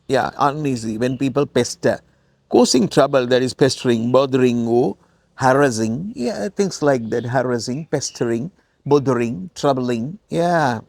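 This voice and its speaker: A man's voice: medium pitch, creaky, darkish tone, dry recording. A man with a Sri Lankan accent teaching a spoken English lesson, explaining words through repetition and acted-out lines.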